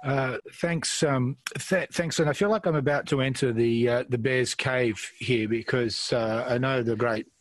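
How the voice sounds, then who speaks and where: A man's voice: mid-range voice, a little slow, hardly any pauses, dry recording. Australian male questioner, hesitant and self-deprecating, dry close sound. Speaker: panel questioner. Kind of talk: conference discussion.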